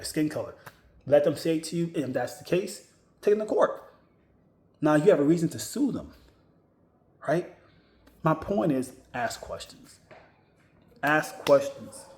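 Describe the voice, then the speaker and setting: A man's voice: mid-range voice, a little mellow. A man talks straight to his viewers in a medium voice, hammering home his advice by repeating points and restarting his sentences. The room around him is roomy and echoey. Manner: emphatic, repeats key points, frequent restarts. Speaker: vlogger giving career advice. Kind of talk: casual advice monologue. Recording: roomy echo.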